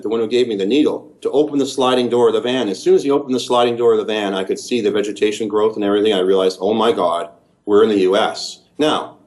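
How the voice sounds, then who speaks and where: A man's voice: on the low side, a little mellow. A Canadian man giving a long, detailed, earnest first-person account in an interview. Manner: earnest, detailed, methodical storytelling.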